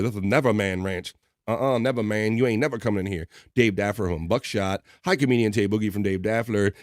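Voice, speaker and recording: In a dry, clean studio recording, a man with a mid-range voice hosts a relaxed livestream. He reads the chat out loud, jokes around with it and laughs frequently.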